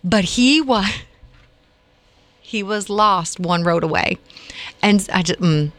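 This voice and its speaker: A woman in her forties, co-hosting a morning radio show and telling a story in an animated, chatty way. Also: medium pitch, takes it slowly. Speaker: radio co-host. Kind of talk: casual morning radio chat.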